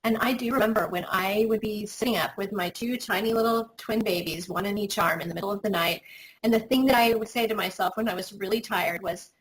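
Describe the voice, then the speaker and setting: A woman's voice: medium pitch, a little fast, low-quality recording. A woman in her forties, a business coach and mother, talking casually in an interview with many fillers. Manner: chatty, frequent "like" and "um" fillers.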